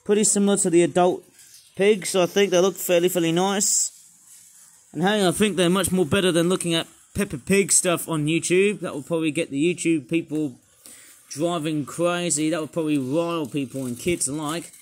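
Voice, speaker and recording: Excitable man, a bit croaky. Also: on the high side, moderate pace. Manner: rambling, excitable, full of asides and fillers. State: slightly croaky sore throat. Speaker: toy reviewer. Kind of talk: casual unboxing review.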